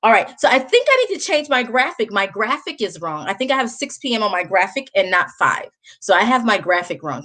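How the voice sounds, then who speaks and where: A woman's voice: medium pitch, a bit bright. A woman with a Southern US accent hosting a casual live chat, talking straight to her viewers and laughing often. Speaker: livestream host.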